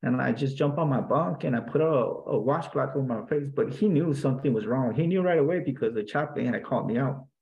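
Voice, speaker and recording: A man, a guest in an interview, earnestly recounting a personal story in a halting way, with many restarts and fillers. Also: mid-range voice, creaky, a little mellow, lo-fi sound.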